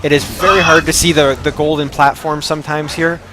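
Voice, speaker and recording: A slightly hoarse man hosting gameplay commentary, explaining mechanics to his friends between frequent laughs. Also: a little high, level tone, a little fast, noisy background. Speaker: host guiding a game run.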